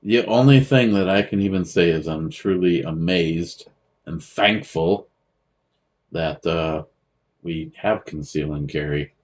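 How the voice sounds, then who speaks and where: Deep-voiced man, unhurried, halting co-host reading chat aloud, blunt and profane. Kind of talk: casual livestream chat. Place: a friend's home.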